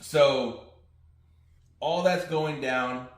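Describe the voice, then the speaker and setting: In an echoey room, a podcast co-host with a mid-range voice drags out his words as he casually recaps a TV episode, paraphrasing what its characters said.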